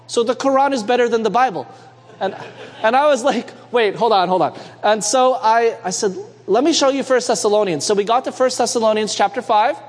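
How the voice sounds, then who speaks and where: A young man from Canada preaches to his congregation with a high, bright voice. He tells his story in a lively way and asks them for amens. Long reverb from the church hall follows his words. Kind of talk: sermon storytelling. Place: church sanctuary.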